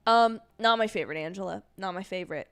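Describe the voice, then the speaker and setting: A woman's voice: medium pitch, quick pace, fairly bright tone, clear, resonant tone. Chatty young woman streaming from home. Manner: chatty, rambling, apologetic asides. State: sleepy, yawning. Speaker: livestream host. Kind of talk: casual watch-along chat.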